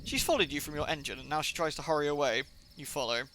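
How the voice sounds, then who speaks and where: A man's voice: a little high, fast talker, a bit bright, slight background noise, rough recording. A man streaming a video game, reading its text aloud with chatty asides and fillers.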